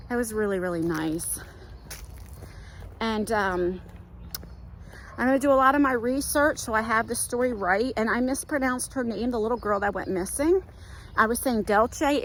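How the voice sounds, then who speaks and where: A woman's voice: fairly high pitch, a little hiss or hum, rough recording. A middle-aged woman rambling casually as she vlogs on a walk outdoors, talking into a handheld phone. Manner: chatty, rambling, many fillers. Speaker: vlogger. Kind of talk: casual walk-and-talk vlog.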